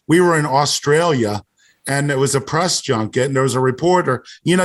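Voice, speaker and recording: Rambling man telling a story. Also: mid-range voice. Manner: rambling storyteller, repeats "he goes". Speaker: guest. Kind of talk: casual podcast chat.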